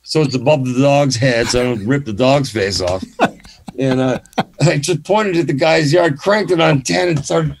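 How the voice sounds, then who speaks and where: A man telling a story as a guest musician in a casual chat, animated, swearing freely and restarting often. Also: medium pitch, normal speed, vocal fry, slight background noise.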